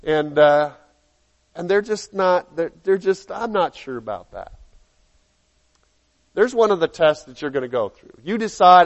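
A man preaching a sermon, reading scripture aloud and acting out the people in it with lively changes of voice. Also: sits high, unhurried, long pauses, muffled recording. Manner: animated, acts out dialogue in quotes.

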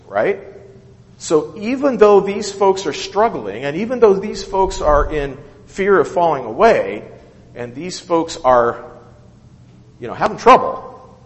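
Animated man teaching scripture in a hall. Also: high voice, unhurried. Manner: animated, keeps asking okay and right. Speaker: Bible study leader. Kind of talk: Bible study teaching. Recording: echoey hall with long reverb.

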